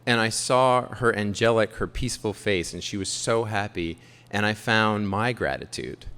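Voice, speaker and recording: A man's voice: lowish voice, normal speed, sharp tone, clean tone. A man in his thirties from Queens, telling a confessional, self-deprecating story on stage. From Queens, New York. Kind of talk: live storytelling. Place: theater stage. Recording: long hall reverb.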